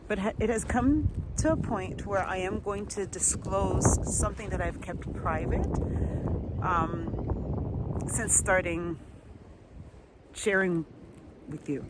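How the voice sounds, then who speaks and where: A woman's voice: mid-range voice, noisy background. A woman, talking in a rambling, chatty vlog monologue outdoors. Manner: warm, chatty, rambling with restarts. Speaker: vlogger.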